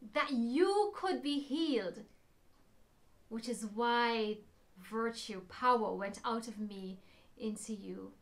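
A woman telling a Bible story to children, expressive, shifting between loud emphasis and hushed whispers. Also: sits high.

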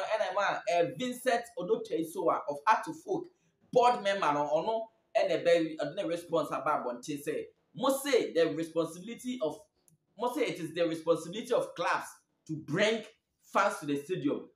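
A man's voice: sits high, lively intonation, moderate pace. A Ghanaian man hosts a football talk monologue in a slightly raised voice. He drives his arguments home with repetition and rhetorical questions. The room around him is roomy and echoes. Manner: code-switches, repeats points for emphasis, rhetorical questions. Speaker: sports show host. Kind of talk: animated football commentary monologue.

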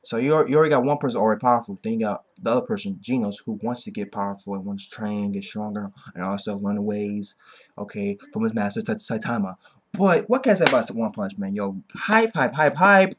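Excitable man rambling through a review. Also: on the low side, fast. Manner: excitable, rambling, keeps tagging "okay?"; swears freely. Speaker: anime reviewer. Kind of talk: casual episode review.

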